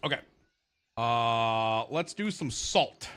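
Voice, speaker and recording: A man's voice: medium pitch, slow pace, clear, resonant tone. A man streaming and chatting casually with his viewers, rambling and swearing freely. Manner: profane, rambling, animated. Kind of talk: casual livestream chat while gaming.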